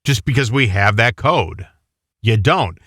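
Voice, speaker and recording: A man of middle pitch whose voice rises and falls a lot, co-hosting a casual chat in an emphatic, insistent way. The recording is close and dry. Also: expressive, measured pace, fairly bright tone, breathy edge, no echo. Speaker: co-host.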